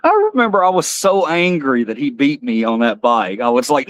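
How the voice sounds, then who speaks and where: A man's voice: medium pitch, big pitch swings, normal speed, few pauses, dry recording. Middle-aged male streamer, rambling storyteller, mid-range voice, dry close mic. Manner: rambling storyteller, laughs at himself. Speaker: livestream host. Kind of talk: casual live-stream chat.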